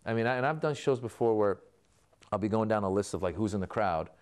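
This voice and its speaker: A man, a comedian, talks through an interview in a storytelling manner, acting out old exchanges with people. His voice sits on the lower side and comes across smooth and resonant. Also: fast talker. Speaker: comedian guest. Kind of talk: interview answers.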